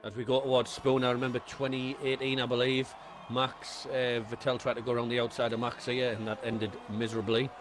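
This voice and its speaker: A man's voice: mid-range voice, flat delivery, brisk. Male co-commentator, ordinary mid voice, rambling, joke-teller. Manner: chatty, trips over his words, tells jokes. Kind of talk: live race commentary.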